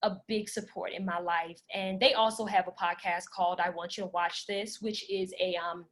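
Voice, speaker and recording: A woman podcast host answering audience questions in a relaxed, talkative way, speaking with passion and filling pauses with "like" and "um". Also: on the low side, a little hiss or hum. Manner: passionate, talkative, many "like" and "um" fillers. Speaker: podcast host leading a workshop Q&A. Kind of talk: casual conversational Q&A.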